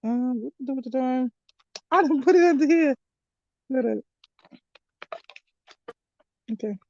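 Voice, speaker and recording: A woman hosting a live card-reading stream, calling listeners honey and baby, bursting into loud exclamations and then reading slowly and softly. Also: sits high, no echo. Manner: animated, exclaims loudly then reads slowly in a hushed voice. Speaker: spiritual reader hosting a livestream. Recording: dull lo-fi livestream audio.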